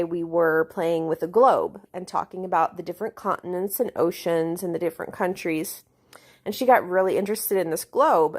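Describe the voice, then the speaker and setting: Calm, measured mother telling a story. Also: on the low side. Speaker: homeschooling mother.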